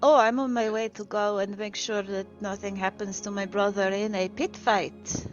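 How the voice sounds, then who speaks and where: A woman, voicing her character in a tabletop game with an animated, sweary manner. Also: medium pitch, moderate pace. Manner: sweary, animated, laughs often. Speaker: player. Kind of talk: in-character tabletop role-play. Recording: dull lo-fi stream audio with faint music.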